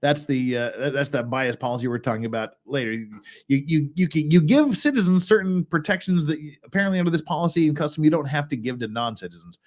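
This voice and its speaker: A fast-talking American man with a slightly high voice reads legal documents on a casual livestream. He breaks in with blunt, wry remarks, rambling as he goes.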